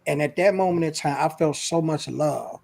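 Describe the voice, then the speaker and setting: A man's voice: a little high, moderate pace, creaky, a little mellow. A man, a guest on an interview show, earnestly telling a personal story in a casual, emotional way.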